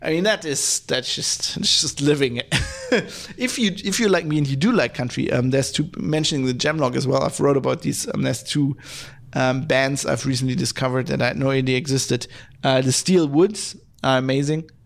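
Hoarse, gravelly male podcast host rambling. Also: mid-range voice, moderate pace. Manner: rambling, profane, many fillers and restarts. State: hoarse from hay fever. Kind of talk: casual solo podcast, reading listener mail. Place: at home, lives in Germany.

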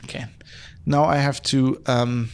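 A man hosting his own podcast in a casual, rambling, profane way, hoarse from hay fever, with many fillers and restarts. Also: medium pitch, flat delivery, unhurried, slight background noise. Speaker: podcast host. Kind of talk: casual solo podcast, reading listener mail. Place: at home, lives in Germany.

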